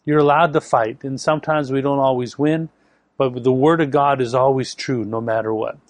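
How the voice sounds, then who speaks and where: A man's voice: mid-range voice, steady tone, normal speed, no echo. A man preaching a sermon, telling a story with emphatic delivery. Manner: storytelling with acted quotes, emphatic.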